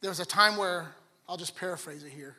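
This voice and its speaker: A young man preaching a sermon, telling a personal story in an animated way and acting out voices in the dialogue. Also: high-pitched, a little fast. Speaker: pastor. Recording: long reverb of a large hall.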